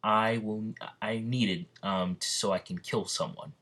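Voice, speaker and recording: An earnest young knight, read by a man in a low, plain voice. The lines come out halting, with pauses and restarts, hardly changed from his own talk. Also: steady tone, fairly bright tone.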